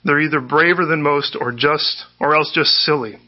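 A man's voice: on the high side, moderate pace, natural voice. A man voicing a motherly female talking beaver as he reads a storybook aloud in a sermon. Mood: frank. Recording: dull lo-fi sermon recording.

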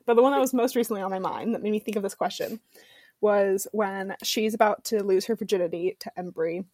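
A woman's voice: mid-range voice, steady tone, a little fast, a little mellow, dry recording, clean studio sound. A woman hosting a book podcast, chatting casually with lots of fillers and giggles. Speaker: podcast host and romance author. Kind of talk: casual chat.

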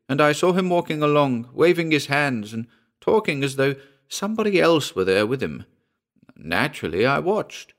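A man voicing an earnest young boy telling what he saw in a halting, excited way. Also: medium pitch, pitched above the performer's own voice.

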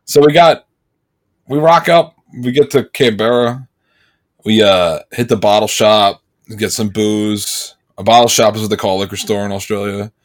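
A man's voice: fairly low pitch, moderate pace. A man co-hosting a casual podcast chat, telling rambling stories and acting out what others said. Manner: rambling storyteller, animated when quoting others. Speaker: podcast co-host.

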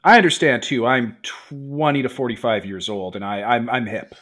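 A man's voice: mid-range voice, moderate pace, a bit bright. A man joking and swearing casually as a player in a tabletop game.

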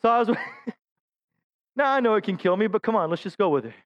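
A middle-aged male pastor with a fairly high, smooth, resonant voice, preaching with humor and self-deprecating stories. He addresses the congregation directly and often asks them to agree. The sound is dull and lo-fi. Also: lively intonation, normal speed. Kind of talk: sermon.

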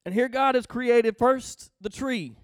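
Very high-pitched, clear and resonant, his voice moves at a measured pace with no echo. It's conversational Bible teaching: he reads scripture aloud, then emphatically unpacks it, often checking in with and questioning his audience.

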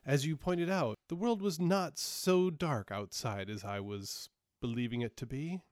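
A man's voice: mid-range voice, measured pace, darkish tone, no echo, studio quality, close to an everyday voice. A man doing an imperious giant king. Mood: gracious. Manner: grand, formal, commanding speech. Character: imperious male giant monarch, once depressed. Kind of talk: tabletop role-play.

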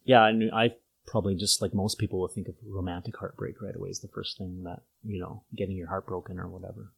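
Low husky gravelly man, chatty. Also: flat delivery, fast, poor audio. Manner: chatty, anecdotal, light. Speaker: interviewee. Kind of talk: casual conversational answer.

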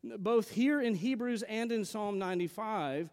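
A man's voice: high voice, a little slow, darkish tone, big-room sound. A man preaching a sermon as pastor, earnest and emphatic, repeating key phrases for weight.

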